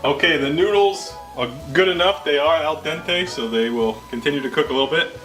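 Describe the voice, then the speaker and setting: A man's voice: fairly high pitch, fairly quick. Goofy man narrating his cooking. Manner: goofy, deadpan wordplay. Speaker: cooking show host. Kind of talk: casual cooking vlog narration. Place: home kitchen. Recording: music playing underneath.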